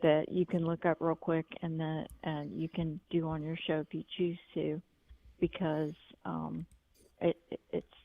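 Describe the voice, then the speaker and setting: Gravelly woman calling in by phone. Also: low voice, little pitch movement, unhurried, no echo. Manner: rambling storytelling with frequent restarts. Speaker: caller. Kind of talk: call-in testimony. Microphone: telephone. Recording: tinny phone line, dry.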